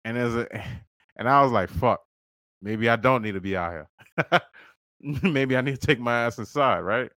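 A man's voice: mid-range voice, normal speed, sharp tone, no echo, clean studio sound. A man hosting a podcast, telling a story casually and profanely, acting out quoted dialogue. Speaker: podcast host.

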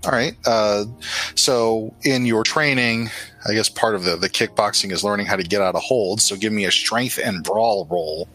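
Bright-voiced man running a tabletop game. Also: fairly low pitch, moderate pace, low-quality recording. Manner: loose, filler-heavy narration. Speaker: game master.

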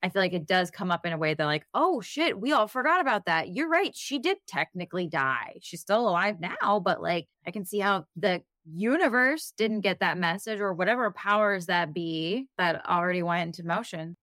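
A woman's voice: on the low side, expressive, normal speed, few pauses, fairly bright tone, no echo, clean studio sound. A young woman co-hosting a casual rewatch podcast, enthusiastic and agreeable as she chats and closes out the episode. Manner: enthusiastic, agreeable, wraps up the show. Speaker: podcast co-host.

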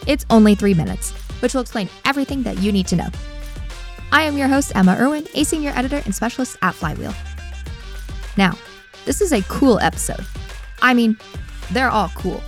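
A woman hosting a company podcast, telling a self-mocking story in a chatty, lively way. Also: on the high side. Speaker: podcast host. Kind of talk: scripted podcast intro and interview.

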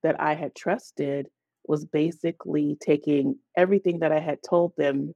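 A woman's voice: sits low, moderate pace, vocal fry, dry recording. A woman, a guest on a podcast, telling a personal story in conversation and acting out the dialogue as she goes. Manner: animated storyteller who acts out quoted dialogue; fills gaps with "da, da, da".

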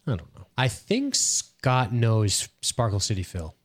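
A man's voice: mid-range voice, wildly swooping pitch, measured pace. A man co-hosting a casual podcast, reading listener comments and joking with loose, profane banter. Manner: laid-back, swears casually, chuckles. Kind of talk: casual chat.

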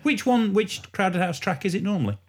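A man's voice: high-pitched, lively intonation, brisk, slightly rough. A man hosting a podcast, leading the talk with friendly questions. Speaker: podcast host. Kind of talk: podcast interview.

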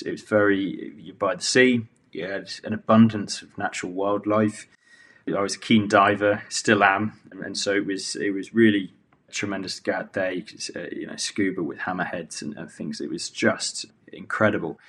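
A man's voice: on the low side, a bit bright. A man being interviewed as a veterinarian and charity founder, talking modestly and hesitantly. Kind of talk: casual interview chat.

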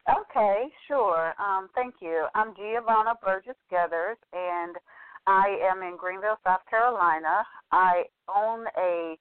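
A woman's voice: mid-range voice, measured pace, clear, resonant tone, dry recording. A woman psychotherapist being interviewed on a radio show, answering politely and briefly. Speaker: guest, psychotherapist. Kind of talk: radio interview on a phone line. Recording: dry, tinny phone line.

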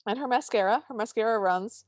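A woman's voice: on the high side, fairly quick, no echo, clean studio sound. A woman co-hosting a podcast, wryly narrating film scenes in casual chat and laughing often. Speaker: podcast co-host.

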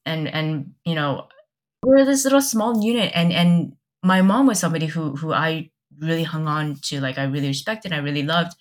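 Young woman, low-pitched, podcast guest; candid and halting storytelling with lots of quoted dialogue. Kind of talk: personal storytelling in casual chat.

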